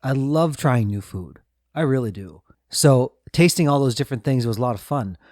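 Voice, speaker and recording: A man's voice: mid-range voice, animated, normal speed, darkish tone, no room sound, clean studio sound. A middle-aged man hosting a podcast, reflective and easygoing, asking questions and sharing his own travel stories. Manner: reflective, asks guiding questions, laughs lightly. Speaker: podcast host. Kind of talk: casual podcast chat.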